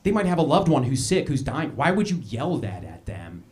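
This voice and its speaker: Animated young man doing stand-up. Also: mid-range voice, normal speed. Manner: animated, puts on voices for quoted people. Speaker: comedy show host. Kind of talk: live stand-up comedy set. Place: comedy club stage.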